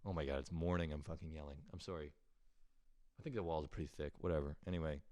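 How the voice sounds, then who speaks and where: A man doing a casual, profane comic monologue at home, intense and quick to act out little voices. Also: very deep voice, steady tone, dark tone, dry recording, studio quality. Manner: intense, swearing, acts out voices. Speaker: comedian doing a solo rant. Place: home room, early morning.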